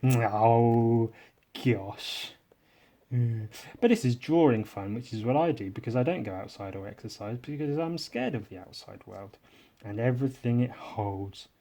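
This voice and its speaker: An English-accented man with a mid-range voice hosts a drawing podcast, chatting casually and ramblingly. He's sarcastic and self-mocking, often trailing off quietly.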